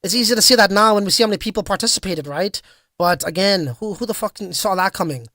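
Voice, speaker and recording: A man's voice: high-pitched, quick pace, sharp tone, no room sound. A man hosting a casual crypto livestream, talking loosely and reading out viewer comments. His delivery is slangy and hyped, full of fillers and restarts. The sound is dry and close, with no room around it. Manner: casual, slangy, hype-driven with frequent fillers.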